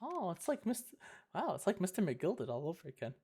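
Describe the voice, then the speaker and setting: Expressive low-voiced woman streamer. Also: a little fast, breathy edge. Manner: expressive, swearing, laughs at herself. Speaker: streamer voicing the lawyer. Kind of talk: live-stream game dub reading.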